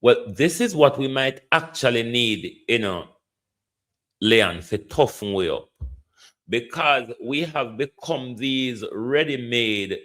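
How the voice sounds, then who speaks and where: A man's voice: mid-range voice, a bit bright. A Jamaican man hosting a commentary show, making impassioned appeals to the government and answering listeners. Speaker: host.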